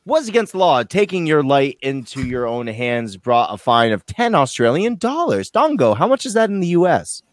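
A man hosting a casual quiz among friends, reading out odd facts between jokes and swearing. His voice swings widely in pitch. It sounds dry and close to the mic. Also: very animated, normal speed, few pauses, no echo. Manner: joking, laughing, swearing. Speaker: quiz host. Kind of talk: casual group quiz chat.

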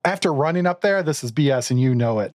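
A man's voice: a little high, lively intonation, fast, darkish tone, no echo, clean studio sound. A man at a tabletop game, teasing the others with jokes. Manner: joking, teasing banter. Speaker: player.

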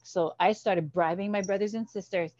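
A woman's voice: medium pitch, normal speed, dry recording, lo-fi sound. A woman from Hawaii, a guest telling stories in an interview and acting out the voices in them. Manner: animated, acts out the voices in her stories. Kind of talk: storytelling interview.

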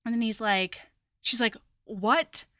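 A woman's voice: a little high, moderate pace, no echo, studio quality. A woman co-hosting a podcast, retelling a romance novel in casual chat and acting out the characters' lines. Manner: animated storyteller, acting out quotes. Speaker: podcast co-host. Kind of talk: casual book recap chat.

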